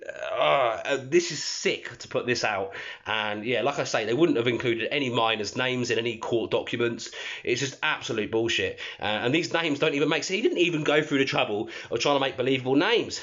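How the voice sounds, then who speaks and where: A man's voice: medium pitch, sing-song, moderate pace, fairly bright tone. A man reading out a document and mocking it in an indignant, scornful commentary. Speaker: channel host. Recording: dull lo-fi audio.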